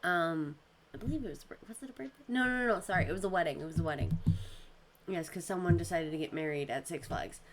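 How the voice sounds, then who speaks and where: A young woman chats on her podcast, spinning customer stories and mimicking callers in high, exaggerated voices. Her own voice sits a little low for a woman, and a faint hiss of room noise runs underneath. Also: fast. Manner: animated storyteller, acts out customers in high voices, laughs often. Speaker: podcast host. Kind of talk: casual chat.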